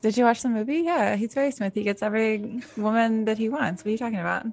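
A woman's voice: a little high, fast, gravelly, darkish tone, faint music behind. A woman co-hosting a casual movie-review podcast, chatty and full of "like" fillers, laughing easily. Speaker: podcast co-host.

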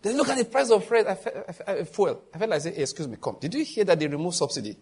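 Nigerian male preacher, husky high voice, lively storyteller who voices others. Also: fast. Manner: animated storytelling, voicing others in a raised pitch. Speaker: pastor. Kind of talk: sermon.

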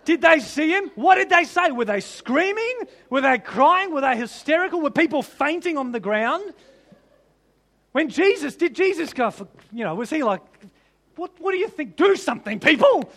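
Aussie guy preaching, really high voice for a man, jokey and lively, keeps firing off questions. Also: normal speed. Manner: animated and humorous, laughs often, piles up rhetorical questions. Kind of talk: sermon.

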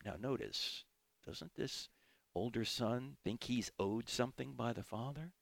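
A man hosts a radio Bible teaching show into a studio microphone, speaking emphatically and posing questions he then answers himself. His voice is medium-pitched, a little slow, gravelly and fairly bright, with no echo.

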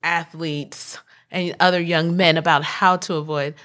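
A woman co-hosting a casual podcast chat, talking bluntly and profanely with animated storytelling into a studio mic. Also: low-pitched, unhurried. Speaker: podcast co-host.

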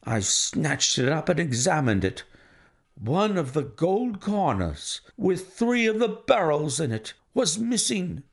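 A man narrating a classic detective story in a measured, formal first-person telling. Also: fairly high pitch, big pitch swings. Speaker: audiobook reader.

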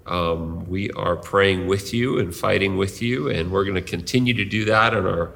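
A man's voice: sits low, steady tone, moderate pace, vocal fry, fairly bright tone, long reverb tail. A male pastor preaching a sermon in an earnest, conversational way.

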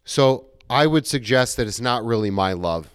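A man's voice: mid-range voice, lively intonation, normal speed, clear, resonant tone, no echo, clean studio sound. A middle-aged male pastor giving a conversational sermon, acting out quoted dialogue as he goes.

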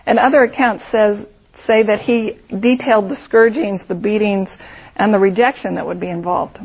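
A woman's voice: medium pitch, steady tone, normal speed, darkish tone, slightly rough, dull audio. A woman teaching a Bible study, explaining the text through vivid storytelling and imagined scenarios.

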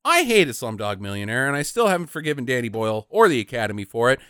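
A man's voice: medium pitch, big pitch swings, fast, pushed and bright, clear, resonant tone, no echo, clean studio sound. A man co-hosting a podcast, ranting and mocking as he recaps a movie, with lots of swearing. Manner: ranting, mocking, acts out characters in silly voices. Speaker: podcast co-host reviewing a movie. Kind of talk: profane casual movie recap.

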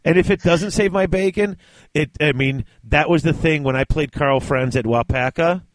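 A man's voice: a little high, moderate pace, dry recording. A man co-hosting a casual podcast chat, talking animatedly and laughing often, with frequent restarts. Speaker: podcast co-host. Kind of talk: casual chat about tabletop wargaming.

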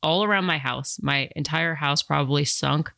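Woman podcast host, chatty rambler, gravelly tone, dry close recording. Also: deep voice, normal speed, pushed and bright, no echo. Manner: chatty, rambling, many fillers. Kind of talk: casual podcast chat.

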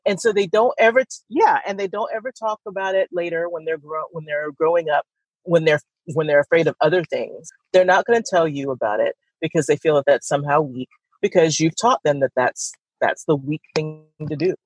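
A woman's voice: low-pitched, brisk, breathy edge, no echo, rough recording. Thoughtful woman, dry close podcast audio. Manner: thoughtful, rambling with restarts. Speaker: podcast co-host. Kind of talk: casual conversation.

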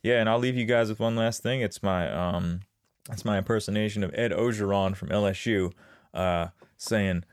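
Joking man with a lowish voice, dry sound. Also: moderate pace, dry recording. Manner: goofy, enthusiastic, joking. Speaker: podcast co-host. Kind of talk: casual podcast chat.

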